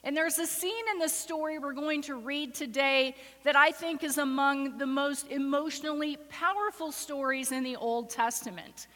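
A woman's voice: high-pitched, moderate pace, few pauses, pushed and bright. A woman pastor preaching a sermon and reading scripture aloud, voicing the characters with rising emotion. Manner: acts out the voices in the story with rising emotion. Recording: reverberant hall.

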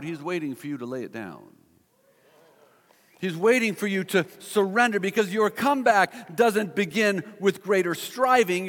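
A middle-aged male pastor preaching a sermon, slowing down to stress each scripture line. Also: high voice. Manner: measured preaching with slowed emphatic scripture readings. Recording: long hall reverb.

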